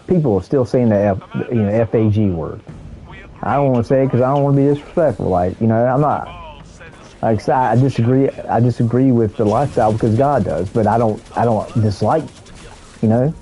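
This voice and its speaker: A military veteran streaming a video game, rambling and thinking aloud with lots of fillers in casual let's-play commentary. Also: male voice, mid-range voice, lively intonation, brisk, dark tone, low-quality recording.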